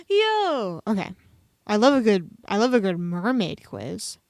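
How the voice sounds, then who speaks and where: A woman's voice: medium pitch, big pitch swings, moderate pace, dry recording. Dry-voiced woman streamer, sarcastic quiz reading. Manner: sarcastic, swears offhandedly. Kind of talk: casual streamed reading of online quizzes.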